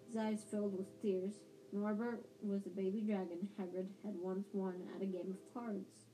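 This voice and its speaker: Reading a book aloud, a woman with a medium-pitched, mellow voice keeps a level tone at normal speed, hardly pausing. As an amateur, she frequently trips up and corrects herself with restarts.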